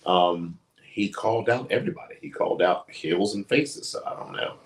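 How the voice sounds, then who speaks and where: A man co-hosting a relaxed wrestling talk show speaks in a deep voice at moderate speed. His storytelling is lively, with quotes acted out and frequent laughter.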